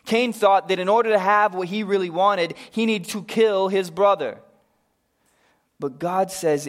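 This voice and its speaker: A man preaching a sermon as pastor, earnest and unhurried, sinking to a hushed voice for his appeals. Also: high voice.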